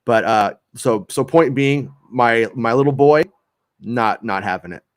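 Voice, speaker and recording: A man's voice: mid-range voice, a little slow, dry recording, studio quality. A man in his thirties co-hosting a casual review chat, telling loose joking stories and swearing casually. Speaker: podcast co-host.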